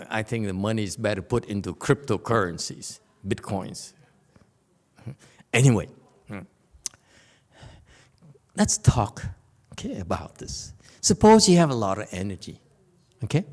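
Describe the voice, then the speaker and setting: A man's voice: fairly low pitch, very animated, a little slow, long pauses, darkish tone. A man giving an informal Dharma lecture in a temple hall, playful and teasing, laughing often and checking in with "okay?".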